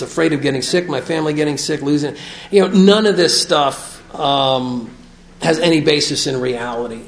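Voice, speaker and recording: A man's voice: fairly high pitch, creaky. A middle-aged man talking candidly to a group, reading from his notes and joking at his own expense. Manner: self-mocking, confessional, reads aloud from notes. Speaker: speaker sharing at a recovery meeting. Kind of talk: candid personal talk to a group. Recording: echoey room.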